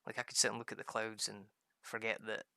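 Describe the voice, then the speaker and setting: A man's voice: on the low side, little pitch movement, fast talker, creaky, bright, forceful tone, no room sound, studio quality. A Scottish man rambling casually while playing a farming game, laughing often and putting on voices for the people he quotes. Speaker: gaming video host.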